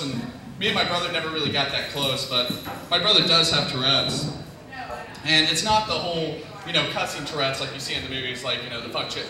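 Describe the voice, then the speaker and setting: Young man, stand-up comic, rambling, slightly high voice, echoey room, crowd noise. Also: far from the mic. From Tennessee. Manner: rambling, many "you know" fillers. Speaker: stand-up comedian. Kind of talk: nervous first-time stand-up set. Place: comedy club stage. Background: audience laughing.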